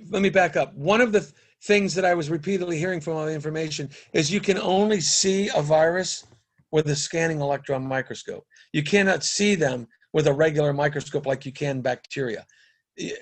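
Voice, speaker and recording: A man's voice: fairly high pitch, a bit bright. A man, a podcast guest, talking in a casual conversational way, emphatic and repetitive as he builds his argument step by step.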